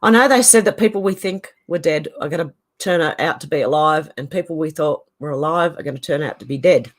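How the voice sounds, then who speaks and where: Low-voiced Australian woman chatting casually. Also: fairly quick. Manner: chatty and opinionated, laughs often. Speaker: channel host. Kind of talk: casual livestream chat reading viewer comments.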